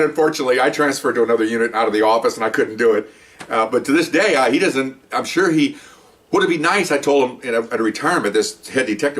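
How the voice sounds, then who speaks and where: Fast-talking older retired cop. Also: male voice, mid-range voice, fairly bright tone, distant mic. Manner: chatty and rambling, with frequent restarts. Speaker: retired police officer telling stories. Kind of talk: casual spoken anecdote.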